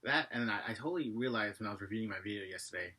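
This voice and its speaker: A man with a slight Asian accent talks straight to camera in a loose, rambling vlog monologue. He runs quickly through his thoughts and keeps stopping to correct himself. His voice is bright and a little husky, and his pitch sits on the low side. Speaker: vlogger.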